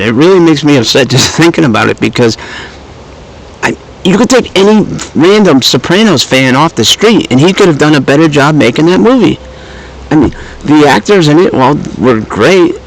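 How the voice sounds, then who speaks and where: A man giving a casual movie review, animated and storytelling, who swears freely and acts out the lines he quotes. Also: medium pitch, poor audio.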